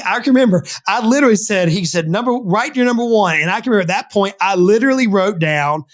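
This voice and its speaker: A middle-aged man from the southern United States spins his story at a brisk clip, his voice sitting high and lively. He is an animated, emphatic storyteller guesting on a business podcast. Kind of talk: storytelling interview talk.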